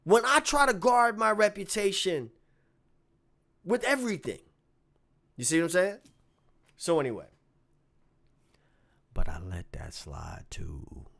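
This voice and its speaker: A man telling a story from his gigs in a casual vlog, swinging from low muttering to loud outbursts. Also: measured pace, gravelly, pauses often. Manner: animated, swings from muttering to shouting. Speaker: bass player telling a story.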